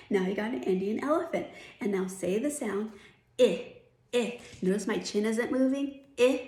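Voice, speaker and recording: A woman's voice: mid-range voice, darkish tone. A middle-aged woman teaching phonics, patiently explaining and modeling vowel sounds. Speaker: reading teacher. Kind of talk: phonics lesson. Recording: echoey room.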